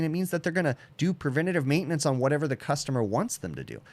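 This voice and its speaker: A man's voice: on the high side, no echo. A man hosting a casual livestream Q&A, blunt and opinionated, tacking "okay?" onto his points. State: sleepy, yawning. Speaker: HVACR channel host answering chat questions.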